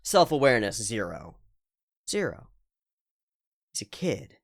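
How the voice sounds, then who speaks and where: A man's voice: medium pitch, sing-song, unhurried, dry recording, clean studio sound. A man giving casual reaction commentary on a manga. He is emphatic, swears freely and repeats his points for stress.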